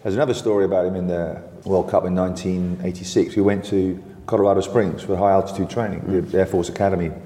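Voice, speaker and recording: An older man with a lively, anecdotal storytelling manner, recounting old football tales as an interview guest and laughing often. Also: deep voice, quick pace, few pauses, echoey room, long reverb tail, slight background noise.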